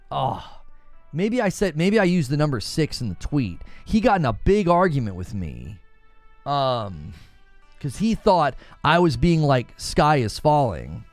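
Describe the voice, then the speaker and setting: A man's voice: on the high side, unhurried, no echo, faint music behind. A man hosting a casual gaming news live stream, talking straight to his chat and mimicking other people's voices. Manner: animated, talks to chat, mimics others in raised voice.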